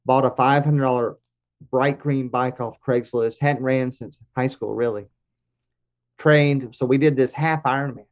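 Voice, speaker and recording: An American man in his forties, a podcast guest telling lively anecdotes. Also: mid-range voice, measured pace. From United States. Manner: lively anecdotes with acted-out quotes. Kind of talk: casual storytelling.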